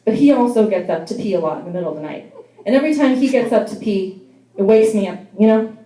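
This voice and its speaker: A woman's voice: medium pitch, expressive, fast talker, dark tone, reverberant, a little hiss or hum, rough recording. A young adult woman doing a stand-up comedy set in a bar, telling wry, self-deprecating stories. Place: bar venue.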